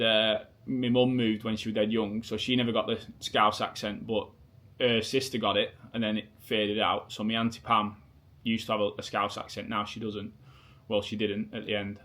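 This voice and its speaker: A man's voice: fairly low pitch, a bit bright. A man in his thirties with a Lancashire accent, co-hosting a casual Q&A chat in a laid-back, rambling way. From Preston, England. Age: 30s. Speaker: co-host.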